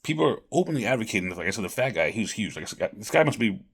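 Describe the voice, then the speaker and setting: A man's voice: on the low side, big pitch swings, very fast, slightly rough. A man giving rambling casual political commentary straight to camera, calling his viewers folks. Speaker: vlogger.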